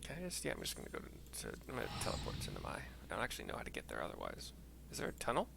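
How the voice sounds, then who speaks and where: A man's voice: low-pitched, huge pitch swings, racing, vocal fry, heavy background noise. A man casually reading out and narrating a game story for blind viewers, rambling, swearing and laughing at himself. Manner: rambling, swears, self-deprecating. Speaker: gaming narrator.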